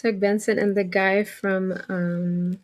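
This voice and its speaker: A woman's voice: medium pitch, little pitch movement, takes it slowly. A woman co-hosting a podcast, mostly giving short replies and agreeing. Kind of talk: casual chat.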